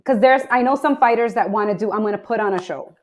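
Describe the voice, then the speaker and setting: A woman with a mid-pitched voice hosts an interview show. She asks her guest long, winding questions and restates his points to keep the talk going. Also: fast talker. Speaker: podcast host.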